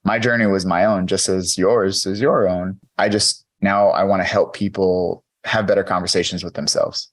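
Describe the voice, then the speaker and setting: A low-pitched man in his thirties talks at a normal speed with a steady tone and few pauses. Appearing as a podcast guest and keynote speaker, he tells his story in an interview candidly and earnestly, dropping in plenty of "you know" fillers.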